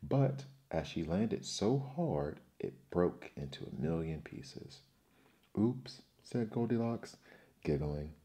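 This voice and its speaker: A man reading a bedtime fairy tale in a slow, soothing, hushed ASMR style. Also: deep voice. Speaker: storyteller.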